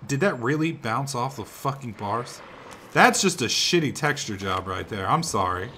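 A young man giving sarcastic, profane let's play commentary, swinging between muttering and excited shouting. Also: medium pitch, normal speed, a little hiss or hum. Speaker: gaming commentator.

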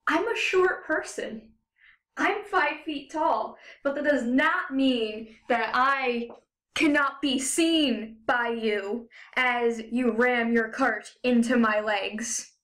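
A young woman with a high voice delivers a sarcastic, profanity-laced rant to her camera. She talks casually, padding her sentences with "you know" and "like.". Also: a bit bright. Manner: frequent fillers like "you know" and "like". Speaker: vlogger. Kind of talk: ranting casual vlog.

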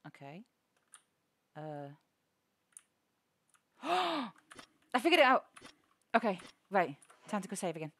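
A woman's voice: medium pitch, sing-song, slow, long pauses, fairly bright tone. A young woman streaming a horror game, giggling often, swearing, and talking to her chat. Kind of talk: live-streamed gameplay chatter.

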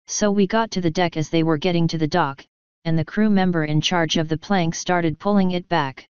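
A woman's voice: fairly low pitch, fairly even intonation, normal speed, a little mellow, clean tone, dry recording. A woman steadily reading a first-person fan story aloud. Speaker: fanfiction reader. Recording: slightly muffled recording.

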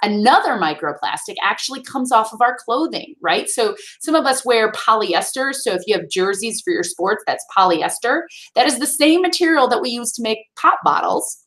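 A woman's voice: fairly high pitch, expressive, moderate pace, hardly any pauses, a bit bright. A woman with a Midwestern accent, a sustainability expert answering schoolchildren's questions over a video call in a friendly, explanatory way, often checking in with "right?". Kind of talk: answering kids' questions in a virtual classroom.

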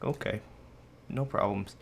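A man's voice: lowish voice, measured pace, gravelly, a little hiss or hum. Chatty young man rambling over gameplay. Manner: rambling, self-mocking, talks to viewers and his dog. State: a bit out of breath. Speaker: gaming video host. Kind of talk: casual let's-play commentary. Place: bedroom at home.

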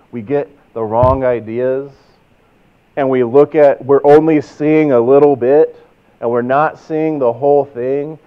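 A man with a Texan accent preaching a sermon in a relaxed, conversational way, telling stories and asking rhetorical questions. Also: mid-range voice, smooth. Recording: tinny phone-like sound.

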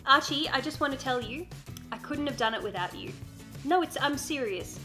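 A woman's voice: sits high, animated, moderate pace, pushed and bright, soft background music. A young woman YouTuber talking in a casual unboxing vlog, earnest and emotional, with frequent giggles. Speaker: beauty YouTuber.

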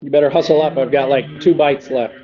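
A man's voice: medium pitch, fairly even intonation, brisk, muffled recording, over music. A man joking with a colleague over a video call, heard remotely. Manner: joking, teasing.

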